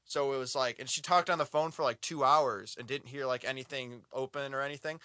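A young man co-hosting a casual podcast, telling a horror movie plot in a profane, animated way and acting out yelling at the screen. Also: medium pitch, a little fast, smooth, no echo. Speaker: podcast co-host. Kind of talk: casual movie review chat.

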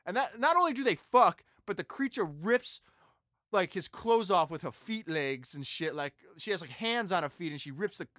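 A man's voice: sits high, lively intonation, normal speed, bright, forceful tone, no room sound, studio quality. A young man casually retelling a movie plot, rambling and profane, acting out the characters as he goes. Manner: rambling, profane, acts out characters mid-story. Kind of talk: casual crude movie recap.

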